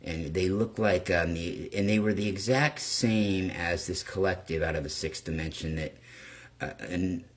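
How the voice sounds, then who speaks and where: A man with a very low voice tells a long personal story on his own channel. He rambles, doubles back, and keeps checking in with his listeners. He swears casually as he goes. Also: unhurried. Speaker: channel host.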